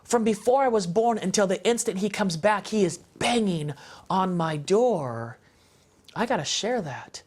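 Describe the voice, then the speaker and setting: A man appearing as a guest on a parenting show shares a heartfelt, passionate faith testimony in a fairly high, expressive, darkish voice at a slightly slow pace. He talks emphatically and conversationally, repeating phrases for stress, with fillers and restarts along the way.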